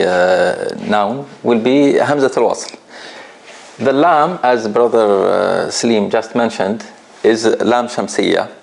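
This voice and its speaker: In an office, a man with a gravelly mid-range voice teaches a tajweed class as a classroom lesson. He's patient, laughs often, and quizzes his students with questions.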